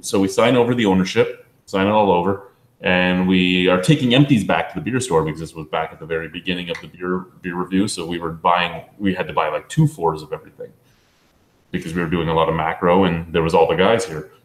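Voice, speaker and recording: A man telling a profane, animated story among friends on a beer review show. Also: low-pitched, fast talker, roomy sound, poor audio. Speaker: beer review podcast regular.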